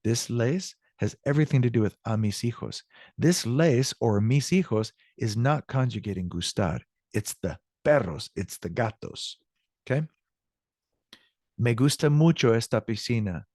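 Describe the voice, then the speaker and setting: A man's voice: mid-range voice, expressive, normal speed, a little mellow, no echo, clean studio sound. A male Spanish teacher walking students through grammar, patiently repeating example sentences and checking in with the class.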